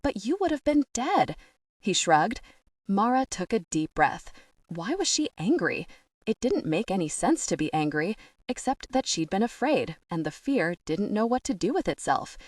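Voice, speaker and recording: A woman reading an audiobook as its narrator, expressive and voicing each character. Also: medium pitch, normal speed, no room sound. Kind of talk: scripted narration.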